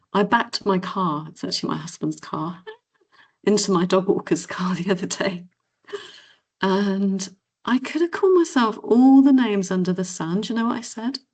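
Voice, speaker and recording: A middle-aged woman giving a motivational keynote as a confidence coach, talking casually and acting out cheery inner voices. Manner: animated, acts out inner voices in high cheery tones. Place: event hall or conference room.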